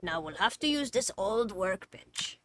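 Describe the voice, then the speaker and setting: A woman's voice: mid-range voice, big pitch swings, a little slow, noisy background. A woman voicing a cheerful, encouraging male game character in a vague put-on accent. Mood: bossy.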